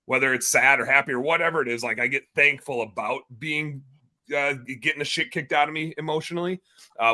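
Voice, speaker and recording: Appearing as a podcast guest, this entrepreneur in his thirties talks in an excitable, high-energy way with casual swearing. He has a medium-pitched voice.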